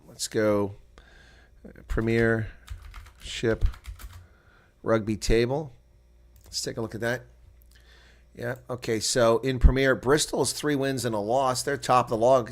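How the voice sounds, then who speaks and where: Excitable live rugby stream commentator, man. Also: medium pitch. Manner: gets loud and excited during play, argues with referee calls; muttering to himself while checking results.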